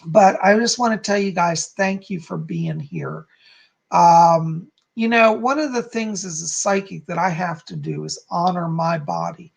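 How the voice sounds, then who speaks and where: Gravelly psychic man reading live. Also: high voice, animated, measured pace. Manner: relays spirit messages to viewers by name. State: losing his voice. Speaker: psychic hosting a live stream.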